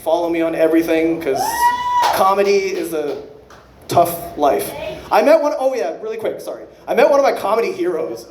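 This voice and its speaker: A man doing an unrehearsed stand-up set, rambling and profane, with quick self-correcting asides. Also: high voice, animated, a little mellow, reverberant, a little hiss or hum. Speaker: stand-up comedian.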